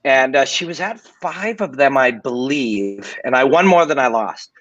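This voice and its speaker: A man's voice: mid-range voice, lively intonation, a little slow, a bit bright, no room sound, muffled recording. A middle-aged man and former fighter hosting a live-stream watch party, telling stories candidly, swearing freely and rambling. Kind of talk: casual live-stream commentary and storytelling.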